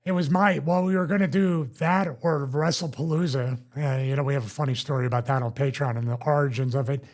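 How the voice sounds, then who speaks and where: A man with a Philadelphia accent hosting a casual podcast, losing his voice, talking in an animated way. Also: medium pitch, fairly quick. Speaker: host.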